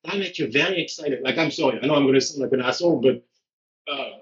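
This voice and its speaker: A man's voice: mid-range voice, quick pace. A man, a strength coach, talking bluntly and animatedly on a live stream, acting out quotes as he goes. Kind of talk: casual conversation on a live stream. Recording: dull lo-fi live stream audio.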